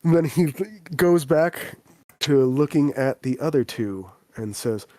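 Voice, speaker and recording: A man narrates a tabletop game session as game master, in a plain storytelling voice at a middle pitch. The sound is dry and close, with no room around it. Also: expressive, measured pace, warm tone, no echo.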